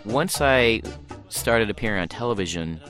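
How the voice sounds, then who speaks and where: A man's voice: on the low side, lively intonation, normal speed. A man recalling his career in a candid, self-deprecating interview segment. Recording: faint music underneath.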